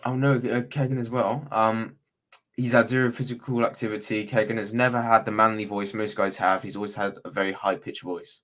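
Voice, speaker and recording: A man's voice: fairly low pitch, steady tone, fairly quick, fairly bright tone. A man hosting a casual true crime livestream, chatty and rambling, often correcting himself as he goes. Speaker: true crime stream host.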